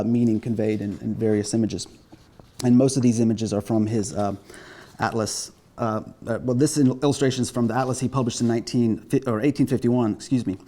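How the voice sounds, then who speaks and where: A man giving an academic lecture as a pathologist. He speaks in a measured, self-deprecating way, with frequent hesitations. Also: mid-range voice, mellow.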